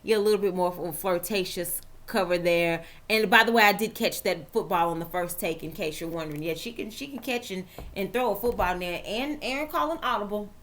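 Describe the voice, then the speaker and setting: A woman's voice: medium pitch, fairly quick, hardly any pauses. A woman hosting a chatty football vlog, playful and dramatic. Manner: lively, playful, dramatic asides. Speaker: vlog host and author.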